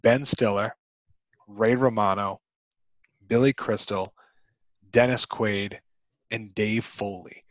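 A man with a fairly low voice talks casually about films as a podcast co-host, rambling along with lots of fillers. The sound is dry and close, a little dull and muffled. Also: fairly even intonation, takes it slowly, long pauses, no echo. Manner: rambling, chatty with many fillers. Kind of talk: casual movie discussion.

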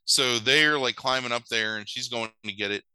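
A man's voice: mid-range voice, moderate pace, bright, forceful tone, smooth, no echo, poor audio. A man casually retelling a movie plot, swearing and acting out the characters' lines in mock voices. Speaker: podcast host recapping a movie. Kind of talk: casual chat.

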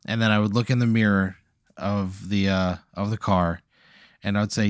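A man playing in an improvised story game, calm and matter-of-fact. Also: lowish voice, normal speed, no echo, clean studio sound. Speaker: player. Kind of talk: casual game play.

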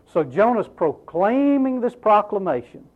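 Male preacher, sermon, highish voice with swooping emphasis, tinny narrow recording. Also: a little slow. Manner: animated, emphatic preaching with rhetorical questions. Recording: tinny, phone-like narrow sound.

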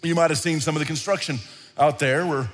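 A man preaching a sermon in a conversational, animated style, often repeating himself. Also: on the high side, a little fast. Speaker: pastor. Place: large hall, church service. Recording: reverberant hall with faint music.

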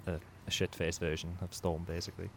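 Deep laid-back man. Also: level tone, quick pace, creaky, no echo. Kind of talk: casual chat.

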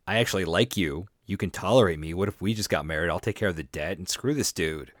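A man's voice: low-pitched, fast talker, no room sound, studio quality. A man co-hosting a casual book podcast, giving wry comments and mock-quoting characters. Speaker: podcast co-host.

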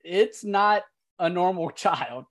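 A game master narrating a tabletop game at an unhurried pace. The voice rises and falls a lot, and the delivery is descriptive and playful. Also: mid-range voice, animated.

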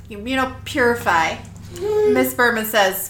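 A woman co-hosting a chatty podcast, her voice high and bright, swooping up into squeals as she acts out lines. She laughs often between sentences. The room around her rings with echo. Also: slow pace. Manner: giggly, animated, does squealing character voices. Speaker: podcast co-host recapping a TV episode. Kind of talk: casual chat, acting out scene dialogue.

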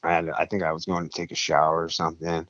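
A young man with a very low, husky voice tells a story in rough, profanity-laden casual talk. He jumps into louder, higher tones when he quotes people, and the sound is dry and dull, like a lo-fi recording. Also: monotone, quick pace, no echo.

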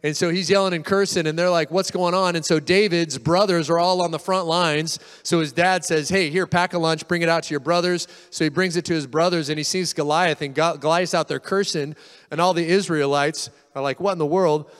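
A man's voice: a little high, steady tone, fairly quick, a bit bright, clean tone, in a large hall. Man preaching with casual storytelling. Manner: casual storytelling, acts out quoted voices. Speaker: pastor. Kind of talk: sermon.

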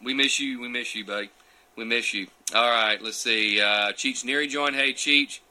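A man's voice: mid-range voice, steady tone, moderate pace, pushed and bright. A man hosting a casual live Q and A, chatting folksily and greeting viewers by name from his couch. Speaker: livestream host answering viewer questions. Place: small room, on a futon couch.

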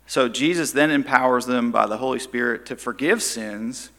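A Bible teacher with a medium-pitched voice leads a study, retelling the story conversationally at a normal speed and briefly acting out the quoted lines. His voice is bright and forceful, trailed by long hall reverb.

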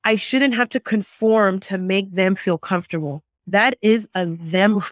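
A young woman of Central American background chatting casually, telling her story in an animated, frank way and swearing freely. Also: mid-range voice, measured pace, dry recording, clean studio sound. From Central American family background. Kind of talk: casual chat.

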